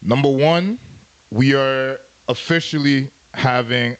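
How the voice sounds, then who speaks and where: A man's voice: mid-range voice, slow pace, clean tone, lo-fi sound. Brief: male podcast co-host, easygoing and jokey, loops catchphrases. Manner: playful, repeats catchphrases. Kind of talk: casual chat.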